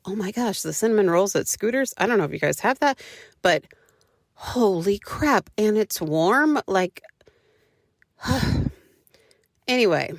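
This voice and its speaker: A woman with a low voice and a gravelly, fried edge talks candidly as a podcast host, chatty and unfiltered, with the odd swear word. The sound is dry and close. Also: no echo. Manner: chatty and frank, with casual swearing and many fillers. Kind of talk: candid personal storytelling.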